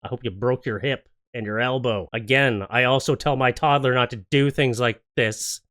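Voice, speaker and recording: A man's voice: medium pitch, fairly even intonation, normal speed, a bit bright. A man hosting a clip-reaction show, ranting in a casual, sarcastic, jokey way. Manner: sarcastic, jokey rants with exaggerated acted quotes. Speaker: YouTube reaction host. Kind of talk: casual comedic commentary on clips.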